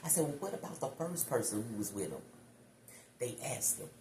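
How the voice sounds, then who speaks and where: A woman tarot reader telling a story to her viewers in a chatty, animated, profane way, calling them y'all. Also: rumbling low, a little fast. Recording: echoey room with background noise.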